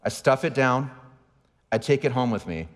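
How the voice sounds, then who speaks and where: A man's voice: mid-range voice, animated, normal speed. A pastor in his forties giving a sermon, telling candid, self-deprecating stories with asides to the congregation. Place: large church auditorium. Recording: long hall reverb.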